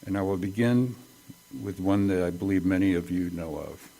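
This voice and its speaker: Low-voiced pastor giving a folksy sermon. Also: male voice, normal speed, dark tone. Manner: folksy, jokes at his own slips. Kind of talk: conversational sermon. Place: church service.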